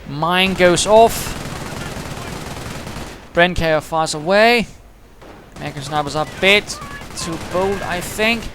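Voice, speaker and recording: A high-pitched man delivers quick, chatty play-by-play of a strategy game, full of dry humour and British turns of phrase. There's noise in the background.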